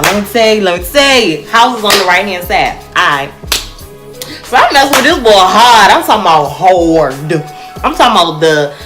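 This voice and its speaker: A young woman telling a personal story to her viewers in a casual, animated way, often calling them y'all. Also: medium pitch.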